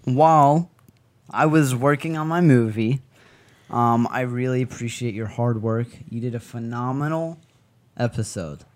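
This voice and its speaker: A man's voice: mid-range voice, measured pace. A man co-hosting a faith podcast in casual chat, joking and laughing often. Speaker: podcast co-host.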